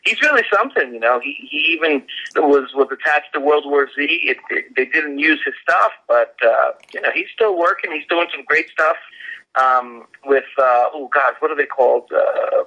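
Man, co-host of a casual talk show, halting delivery, very bright tone, muffled phone-quality audio. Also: fairly high pitch, animated. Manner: halting, many fillers and restarts. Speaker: podcast co-host. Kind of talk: casual chat.

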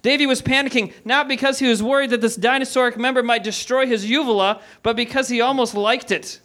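High, bright-voiced man reading a comic story. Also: fairly even intonation, fast. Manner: mock-dramatic narration with sheepish asides. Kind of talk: comic reading to a live audience. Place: comedy theater stage.

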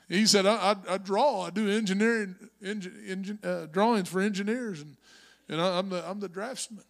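A high-voiced male pastor with a gravelly edge preaches in a church. He tells stories in a conversational way, then climbs into shouted exhortation. The sound is a live sermon in a sanctuary. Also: normal speed. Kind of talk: Pentecostal-style preaching.

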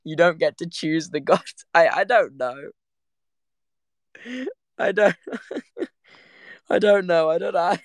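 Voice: medium pitch, takes it slowly, long pauses, dry recording. A young adult vlogger, telling a story to camera in a giggly, rambling way that trails off mid-sentence.

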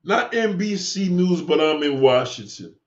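A man's voice: a little high, expressive, a little slow. A man hosting a livestream, talking back to the chat in a combative, preachy way, cursing and repeating himself. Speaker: livestream host answering chat. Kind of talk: live-stream rant. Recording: echoey room, dull lo-fi sound.

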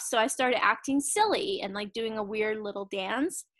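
Woman, 30s, co-host, casual chat, animated, laughs a lot, slightly high voice. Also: normal speed. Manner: animated, laughs often, acts out quotes. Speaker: podcast co-host.

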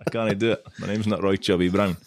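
A man's voice: sits low, steady tone, fast, darkish tone. A Scottish man co-hosting a podcast, telling a long self-mocking anecdote in casual chat. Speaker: podcast co-host.

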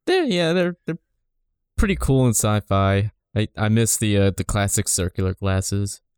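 A man's voice: on the low side, expressive, measured pace, a little mellow, clean tone, no room sound, studio quality. A man in casual podcast chat, joking dryly and adding short interjections.

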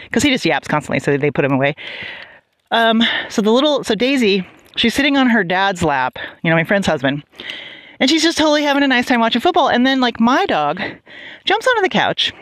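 A woman chatting casually and telling a funny story, laughing often and retelling scenes with animated voices. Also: medium pitch. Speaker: podcast host. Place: outdoors on a property.

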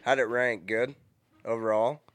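A man loudly cutting in and rambling in a heated casual sports debate among friends. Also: mid-range voice, steady tone, a little slow, no room sound. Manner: loud, interrupting, rambling.

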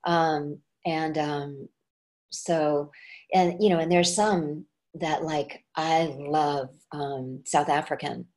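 A woman with a fairly low voice chats as a guest in a relaxed interview. She is an actress and dialect coach who tells her stories with animated swings in pitch. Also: slow pace. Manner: animated storyteller with lively pitch jumps. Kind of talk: casual interview chat.

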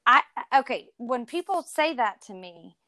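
A woman's voice: fairly high pitch, lively intonation, unhurried, sharp tone, dry recording, clean studio sound. A woman from Texas talking as a guest on a recovery podcast, earnest and conversational, often saying "you know" and "like".

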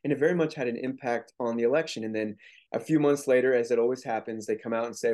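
A man appears as a guest author in a casual interview, explaining his points earnestly and restarting often. His voice is medium in pitch, brisk, and a little mellow.

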